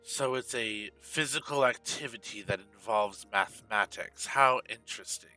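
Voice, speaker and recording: A man voicing a haughty ancient high elf woman who runs a library, speaking formally and with curiosity. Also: normal speed, sharp tone, faint music behind, low-quality recording. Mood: intrigued. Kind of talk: tabletop role-play voicing.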